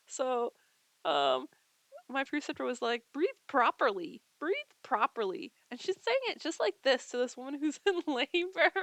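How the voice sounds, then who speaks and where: Brief: higher-pitched woman, sick and tired, rambling casual vlog story, dry close sound. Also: creaky, fairly bright tone, dry recording. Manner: chatty, heavy use of filler words. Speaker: vlogger. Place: at home.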